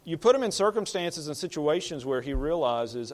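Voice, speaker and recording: A man's voice: on the high side, lively intonation, moderate pace, hardly any pauses. A man in the role of pastor, preaching in a conversational way, plain-spoken and often repeating or restarting words as he builds a point. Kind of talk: conversational sermon.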